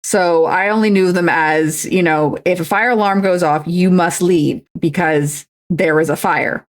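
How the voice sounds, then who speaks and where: A lowish, steady-toned woman's voice, delivered a bit slowly. While cross-stitching at home for her stream, she chats away, teasing herself and rambling through anecdotes.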